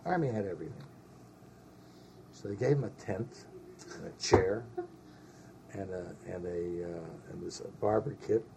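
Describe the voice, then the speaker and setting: An older man recalling his army days in an oral history interview, an animated storyteller who sprinkles in Yiddish words. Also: low voice, normal speed, gravelly, pauses often, very noisy.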